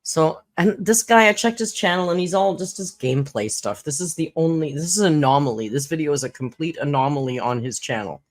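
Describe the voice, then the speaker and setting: Give me a chatty host who giggles often and explains slang in casual commentary. The voice sits at a middling pitch. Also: animated, fairly quick, hardly any pauses. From Southern Ontario, Canada. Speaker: reaction channel host.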